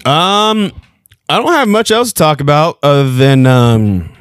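A man's voice: on the high side, lively intonation, unhurried, clear, resonant tone, no echo, clean studio sound. A man co-hosting a comedy podcast, rambling and crude in casual chat. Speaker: podcast co-host.

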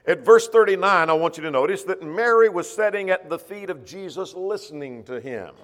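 A man preaching a sermon in a church, measured and slowing down when he quotes scripture. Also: on the high side, a bit bright. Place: church auditorium. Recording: long echo of a church hall.

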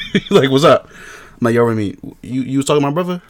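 A young man from DC co-hosts a podcast, speaking quickly in a medium-pitched voice over slight background noise. Telling stories in a casual chat, he acts out what people said while laughing.

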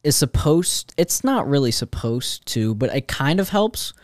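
Woman, very deep and lively pitch, measured delivery, dry mic. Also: no room sound. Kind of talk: casual chat.

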